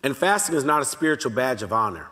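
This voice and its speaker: A pastor teaching a Bible study in a relaxed, conversational way, talking straight to the congregation and slowly repeating his key lines. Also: mid-range voice. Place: church sanctuary. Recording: long reverb of a large church hall.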